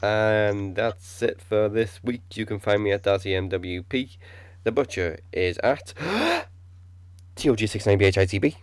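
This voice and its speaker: A man hosting a casual wrestling podcast, reading show announcements in a flat, robotic way. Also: lowish voice, unhurried, no room sound. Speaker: podcast host.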